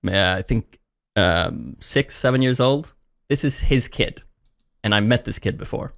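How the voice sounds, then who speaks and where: A man's voice: lowish voice, measured pace, gravelly, fairly bright tone. A man on a casual podcast telling an embarrassing story, acting out the quoted lines and laughing often. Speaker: podcast co-host.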